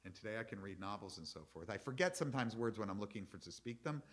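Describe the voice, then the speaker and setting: A man's voice: on the low side, lively intonation, quick pace. A middle-aged man, a rabbi, giving a chatty, explanatory lecture to his congregation and taking questions from the audience.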